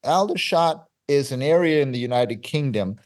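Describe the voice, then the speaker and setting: A man, telling a story as an interview guest with excited, stop-start energy. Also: mid-range voice, normal speed. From Cyprus. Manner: animated, excitable, with frequent restarts and laughs.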